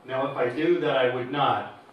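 A man reading Bible verses aloud in a steady, formal way during a service. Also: mid-range voice, moderate pace, slight background noise. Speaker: scripture reader. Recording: echoey room, distant from the mic.

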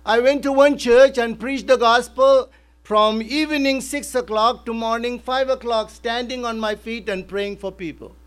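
High-voiced man preaching a sermon. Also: steady tone, moderate pace, clear, resonant tone. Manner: emphatic, repeats key phrases. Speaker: pastor.

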